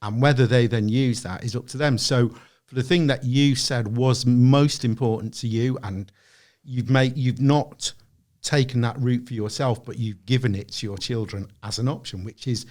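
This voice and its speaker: A man's voice: medium pitch, normal speed, a little mellow. A man guesting on a podcast, teasing the hosts dryly and offering earnest advice. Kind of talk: casual banter among friends.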